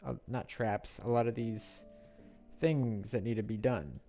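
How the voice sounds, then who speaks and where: A man's voice: medium pitch, fairly even intonation, unhurried, dark tone. A man live-streaming a building game on a headset mic, rambling to himself with playful sound effects. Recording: faint music behind.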